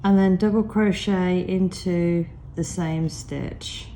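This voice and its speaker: A woman with a croaky voice from a cold walks through a crochet tutorial at a very slow, patient pace. Her tone is low and mellow, and she counts each stitch aloud. A faint background hiss sits under her voice. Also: steady tone. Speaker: crochet teacher. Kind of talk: step-by-step craft tutorial.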